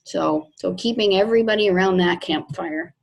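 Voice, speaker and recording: A woman in network marketing, talking slowly and emotionally on a video call about her team and takeaways. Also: on the low side, creaky, low-quality recording. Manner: slow, warm, heartfelt and emotional. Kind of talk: casual video call chat.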